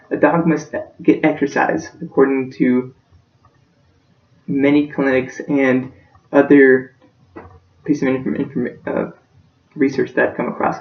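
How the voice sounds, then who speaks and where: A man's voice: mid-range voice, steady tone, normal speed. Earnest young man, echoey distant recording. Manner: earnest and emotional, voice close to breaking. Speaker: student giving a class speech. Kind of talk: practice persuasive speech. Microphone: self-recorded from a distance. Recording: echoey room, distant dull-sounding mic.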